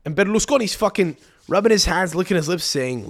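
A man's voice: high-pitched, animated, brisk. A young man hosting a podcast, ranting in a frantic, rambling and profane way. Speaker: podcast host. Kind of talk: solo podcast rant.

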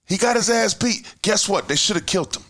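A man hosting a podcast, talking heatedly in casual chat, swearing freely and swinging between loud outbursts and mutters. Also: high voice, lively intonation, a little fast. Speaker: podcast host.

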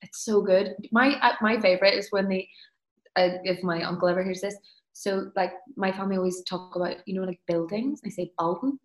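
A woman's voice: mid-range voice, fairly even intonation, brisk. A woman, an actor, chatting easily in an interview and laughing often. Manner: easygoing, laughs often, self-deprecating. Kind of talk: casual interview chat. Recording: roomy echo.

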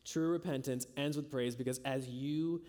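A man preaching a sermon with earnest emphasis, climbing high on key lines and sinking soft and low at their ends. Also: steady tone, moderate pace. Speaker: pastor.

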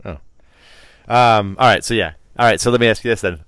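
A man's voice: lowish voice, fairly quick, a bit bright, clear, resonant tone, no room sound, studio quality. A middle-aged man hosting a casual sports chat, rambling and teasing, often restarting his sentences. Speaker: podcast host.

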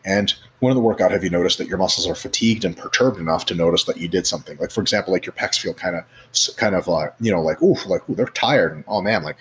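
A man with a low voice talks at a rapid clip as a guest expert. He is animated and swears freely, and he fills his speech with "like" and "you know" as he acts out little scenes. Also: slight background noise. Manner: profane, animated, acts out scenarios; many fillers like "like" and "you know". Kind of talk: casual explanatory chat.

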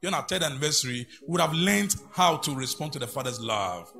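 A man's voice: on the high side, lively intonation, brisk, gravelly, bright, forceful tone, soft background music. A man preaching a sermon, breaking into sung phrases and leading the congregation in call-and-response. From Ghana. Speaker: pastor.

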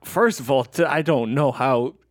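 A man's voice: mid-range voice, moderate pace, no echo, studio quality. A man co-hosting a podcast in casual chat, joking and arguing his view of a film. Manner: joking, argues his points. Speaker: podcast co-host.

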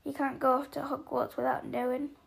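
In this audiobook reading, a woman voices a gruff, giant man who is kind but quick to anger, given to booming outbursts and folksy slang. She delivers it flatly, with a worried mood.

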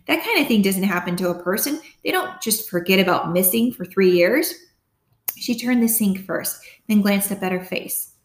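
A woman reading an audiobook as narrator, in a steady, close storytelling manner. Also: mid-range voice. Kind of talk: scripted narration. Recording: roomy echo.

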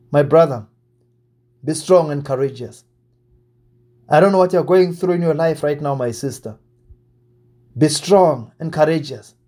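High-voiced preacher man, exhorting. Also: darkish tone. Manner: repetitive, exhorting, rising and falling emphasis. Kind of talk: sermon.

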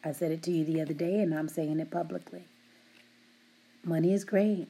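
A middle-aged woman who supervises a work team, giving them affectionate shout-outs and teasing them while laughing often. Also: sits low, fairly even intonation, moderate pace, breathy edge.

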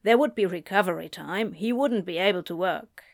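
Woman reading as a halting, earnest doctor. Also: on the low side, dry recording, clean studio sound, lightly acted. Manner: halting, apologetic. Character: earnest middle-aged male doctor, hesitant father.

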